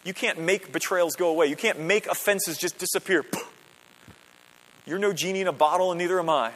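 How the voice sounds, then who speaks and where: A man's voice: on the high side, a bit bright. A man preaching a sermon to a congregation in a conversational style, checking in with questions and building to emphatic peaks. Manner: builds to emphatic, rising climaxes. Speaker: pastor. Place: church sanctuary. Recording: long reverb of a church hall.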